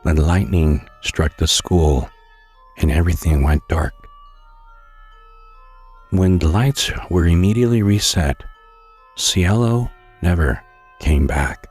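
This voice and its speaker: A man narrating a scary story in a slow, hushed storytelling manner, with occasional stumbles. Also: low voice, breathy edge.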